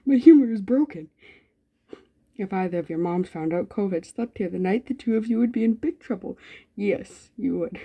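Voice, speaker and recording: A woman's voice: medium pitch, steady tone, brisk, vocal fry, dark tone, slightly rough, dull audio. A woman, a gaming YouTuber, reading a story game aloud with running commentary, giggling often and swearing freely. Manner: giggly, profane, frequent laughter.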